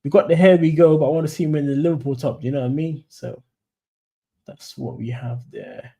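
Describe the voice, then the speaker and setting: A man's voice: a little high, a little fast, gravelly, dark tone, slightly rough. A young man from London with a London accent, chatting casually on a football fan live stream in a rambling, friendly way. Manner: chatty, rambling, says "mate" and "you know what I'm saying".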